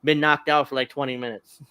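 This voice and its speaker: A man's voice: mid-range voice, little pitch movement, a little fast, bright, forceful tone, smooth, no echo. A man hosting a casual wrestling podcast, recapping a match in a rambling way with chuckles. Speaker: podcast host. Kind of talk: casual wrestling review chat.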